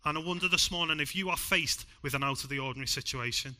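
A man with a Liverpool accent preaching a sermon in church, emphatic one moment and hushed the next. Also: a little high, fast. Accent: Liverpool (Scouse). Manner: emphatic, swings from loud to hushed.

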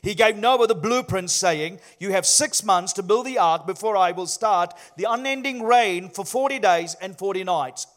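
A man's voice: high voice, normal speed, hardly any pauses, fairly bright tone. A man voicing God as a commanding male figure in a joke told from the pulpit. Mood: solemn.

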